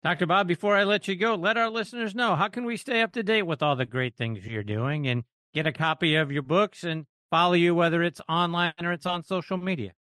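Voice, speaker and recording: Bright-toned, high-voiced male host. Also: fairly quick, few pauses, dry recording. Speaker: podcast host. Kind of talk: interview hosting.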